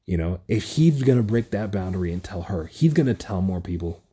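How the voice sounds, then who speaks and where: A young man alone at home, recording a casual solo rant on his phone, rambling excitedly and swearing often. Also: low voice, fairly quick, slightly rough. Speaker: podcast host. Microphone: phone recording app.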